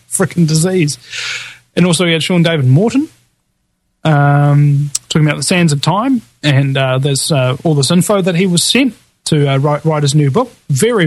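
A man's voice: on the high side, no room sound. Rambling man, dry close sound. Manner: rambling, many fillers and restarts; laughs often, jokey asides. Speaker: podcast host. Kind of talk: casual rundown of past guests.

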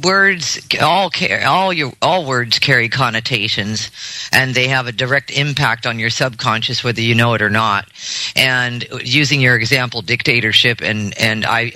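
A man's voice: medium pitch, moderate pace, sharp tone, no echo. A man hosting a podcast in a casual chat, rambling with lots of restarts and easy laughter. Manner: rambling, many fillers and restarts, laughs easily. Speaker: podcast host.

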